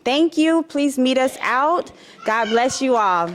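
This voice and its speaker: Woman, publisher, thank-you speech, slightly high pitch, tearful, effusive, live event. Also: expressive, slow pace, slight background noise. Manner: warm, tearful, effusive gratitude. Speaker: publisher and host. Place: event hall with live audience.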